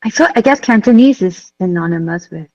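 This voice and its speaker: A woman's voice: fairly low pitch, lively intonation, fairly quick, a little mellow, no echo, dull audio. Curious woman interviewer in a humming clip. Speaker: interviewer in a film. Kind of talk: casual interview.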